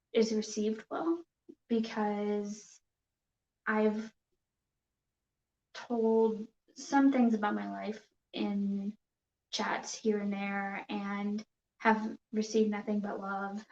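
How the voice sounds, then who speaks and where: A woman's voice: mid-range voice, darkish tone. A woman hosting a casual live stream, talking nervously and hesitantly with many fillers and restarts. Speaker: yarn crafting streamer. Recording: dull, roomy home recording.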